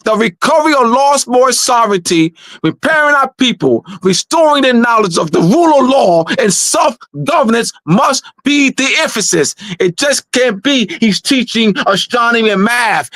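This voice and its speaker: A man's voice: extremely high pitch, expressive, normal speed, few pauses, fairly bright tone, no echo. A man giving an emphatic lecture-style talk, hammering points home with repetition and restarts. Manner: insistent, repeats key points, frequent restarts. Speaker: presenter of a weekly talk show.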